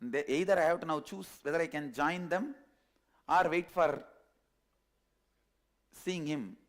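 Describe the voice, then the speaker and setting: High-voiced preacher. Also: male voice, unhurried. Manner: animated storytelling, repetitive phrasing. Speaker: spiritual teacher. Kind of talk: storytelling sermon.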